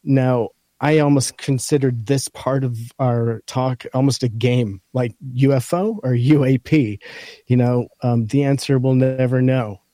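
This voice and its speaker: Male podcast co-host, scratchy and mellow, reads an article aloud point by point, dry close sound. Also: medium pitch, unhurried, dry recording. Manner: talks through a list point by point. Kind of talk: casual chat, reading from an article.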